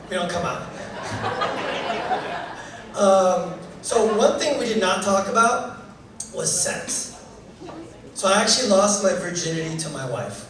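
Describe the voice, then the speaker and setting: A man in his thirties from Canada performing a stand-up comedy set, animated and joking, building to loud punchlines. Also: high-pitched, recorded from a distance, heavy background noise. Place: comedy club stage. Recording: echoey club recorded from afar.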